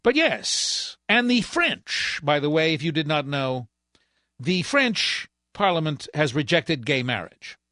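Man, talk radio host, sarcastic ranting monologue, fairly high voice, dry studio mic. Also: sing-song, slow pace, pushed and bright, no echo.

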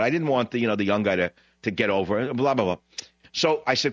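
A man hosting a call-in radio show, telling a long rambling anecdote in a blunt, digressive way, his voice jumping high when he retells what others said. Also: expressive, quick pace, dry recording, dull audio. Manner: blunt, digressive, frequent "blah, blah, blah". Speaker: radio talk show host.

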